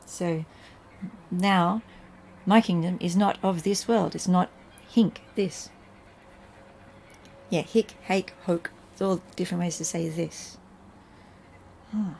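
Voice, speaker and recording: Middle-aged woman, warm dark tone, talks her way through a Latin reading with a home teacher's easy chuckle. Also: lowish voice, slow pace, creaky, pauses often, slight background noise. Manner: thinks aloud, chuckles at own slips. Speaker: channel host reading Latin scripture. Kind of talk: casual home lesson, reading Latin and translating.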